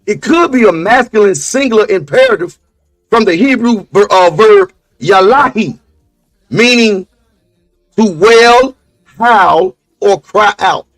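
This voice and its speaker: Emphatic high-voiced man preaching his point. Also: lively intonation, measured pace, a bit bright, no room sound, faint music behind. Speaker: podcast co-host. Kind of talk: casual religious discussion.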